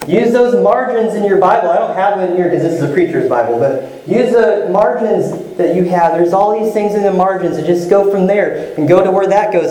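A man's voice: high voice, warm tone, reverberant, rough recording. A male pastor giving a sermon in a conversational, encouraging way, often repeating phrases.

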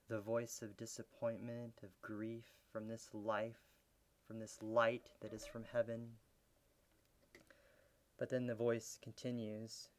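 A man preaching a sermon as a pastor, teaching in an earnest way with soft laughs and growing intensity. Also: medium pitch.

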